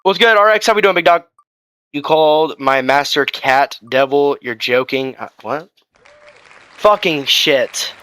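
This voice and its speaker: A man streaming ranked gameplay, commenting live and trash-talking with sudden shouts. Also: on the high side, unhurried, smooth, some chatter behind.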